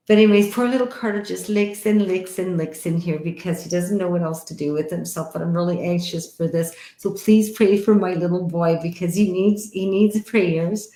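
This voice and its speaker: A woman's voice: fairly low pitch, normal speed, hardly any pauses, mellow, reverberant. A woman hosting a casual live stream from home, giving readings to viewers and chatting affectionately with them. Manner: chatty and affectionate, calls people honey and sweetheart. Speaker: livestream host giving psychic readings. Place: home, indoors. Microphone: headset or computer mic on a live stream.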